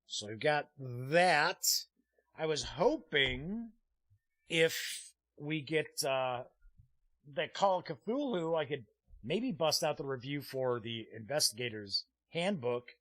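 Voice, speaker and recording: A man's voice: fairly high pitch, expressive, takes it slowly, fairly bright tone, no echo. Chatty man with a dry, close sound. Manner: chatty and rambling, with frequent "uh" fillers; reads viewer chat comments aloud. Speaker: host of a tabletop gaming news live stream. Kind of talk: casual live-stream chat. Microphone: streaming desk mic.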